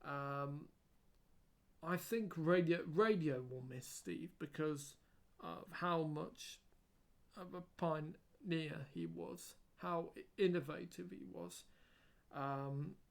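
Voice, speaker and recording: A man talks through a casual spoken tribute in a slightly raised, gravelly voice. He pauses often, fills gaps with ums and restarts his sentences. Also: a little high. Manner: hesitant, frequent ums and restarts. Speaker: video creator.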